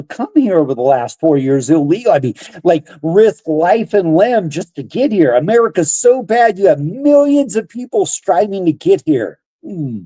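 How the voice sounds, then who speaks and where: A young American man hosting a podcast, ranting loudly about politics with a combative, profane manner. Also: sits high. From United States. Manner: loud, combative, swearing. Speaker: podcast host.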